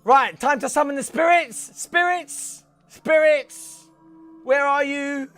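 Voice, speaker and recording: A man's voice: fairly high pitch, animated, normal speed, soft background music, lightly acted. A man voicing a shifty male psychic chicken fortune teller with a blokey, theatrical manner.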